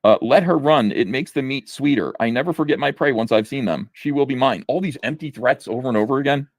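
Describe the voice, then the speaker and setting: A man in a played review clip, reading out comic lines in a flat, mocking way. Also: medium pitch, quick pace, dry recording, clean studio sound.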